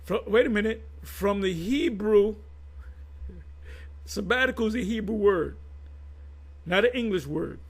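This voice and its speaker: High-voiced gravelly man explaining scripture. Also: a little slow, long pauses, poor audio. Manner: conversational, repeats himself while reading and explaining words. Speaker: religious commentator. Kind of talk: informal religious commentary.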